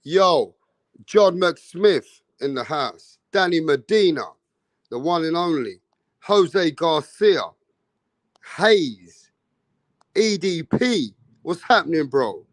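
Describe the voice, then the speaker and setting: A man's voice: fairly high pitch, lively intonation, takes it slowly, long pauses, dry recording. Slangy man hosting a boxing stream. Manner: greets viewers by name with street slang. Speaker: boxing livestream host. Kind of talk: casual live stream chat.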